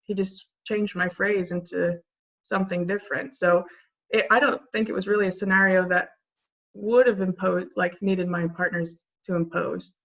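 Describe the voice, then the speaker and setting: A woman's voice: lowish voice, steady tone, normal speed, gravelly, dull audio. A woman in a casual group discussion who answers hesitantly, thinking aloud with fillers.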